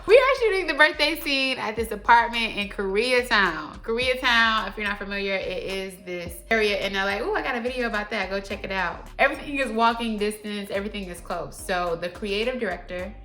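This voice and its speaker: Animated young woman telling a story. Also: medium pitch. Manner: animated, slangy, talks straight to viewers. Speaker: vlogger. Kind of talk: casual storytime vlog.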